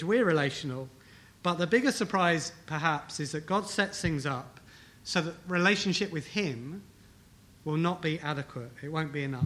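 Bright, emphatic man preaching a sermon. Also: fairly high pitch. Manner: emphatic, rhetorical questions, repeats key phrases. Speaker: pastor. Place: church hall with congregation.

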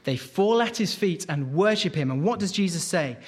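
A man preaching a sermon, expressive and questioning, reading scripture aloud and explaining it. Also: high-pitched, normal speed, breathy edge.

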